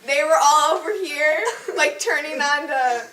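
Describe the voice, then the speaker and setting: A woman's voice: sits high, a little slow, a crowd in the background. A teenage girl on a volleyball team telling a story in casual group chat, giggling and saying "like" a lot. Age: teens. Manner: giggly storyteller, many likes. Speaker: senior volleyball player. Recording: echoey room, far from mic, noisy.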